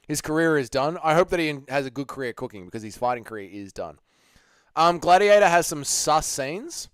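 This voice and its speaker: An Australian man hosting a livestream, hungover and low on energy, chatting casually, swearing, and reading viewer messages. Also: clean tone, dry recording, studio quality. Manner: laid-back, sweary, laughs easily. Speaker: livestream host.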